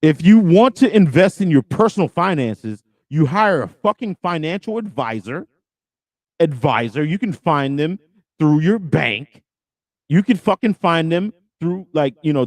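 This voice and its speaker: A man's voice: fairly high pitch, darkish tone, dry recording. A middle-aged man hosting a podcast, ranting and swearing heavily as he reacts to a clip. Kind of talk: heated reaction commentary.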